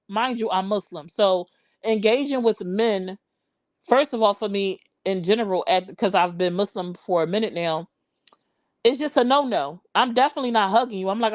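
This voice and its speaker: A woman's voice: medium pitch, moderate pace, dry recording, muffled recording. A woman in her forties tells a personal story casually on a live stream, full of slang and greeting viewers mid-story.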